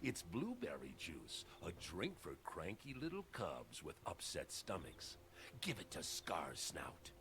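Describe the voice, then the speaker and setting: Deep, slow sly game ally, dry humor, ambient noise under game audio. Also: male voice, wildly swooping pitch, a bit bright, full character voice. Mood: wry.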